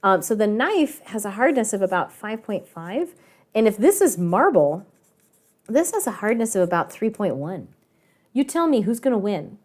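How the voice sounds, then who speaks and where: A woman teacher telling a lively story to her online class, chatty and animated, with frequent laughing asides, over a video call. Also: medium pitch, moderate pace. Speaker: math and science teacher.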